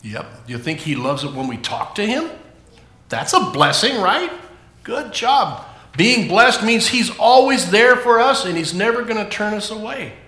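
A man leading a children's sermon in church, playful and animated, asking the kids questions. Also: high voice, unhurried, echoey room. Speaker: children's pastor.

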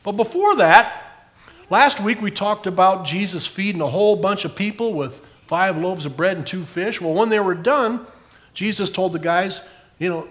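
A man's voice: sits high, moderate pace, a bit bright. An older man giving a children's sermon, asking the kids questions as he tells the story. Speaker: pastor giving a children's message.

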